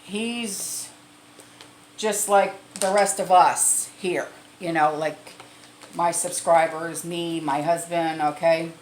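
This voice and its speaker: A woman's voice: lowish voice, fairly even intonation, slow pace, a little mellow, a little hiss or hum. A middle-aged woman chatting casually to camera as a prepping vlogger, repeating herself and laughing now and then. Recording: echoey room.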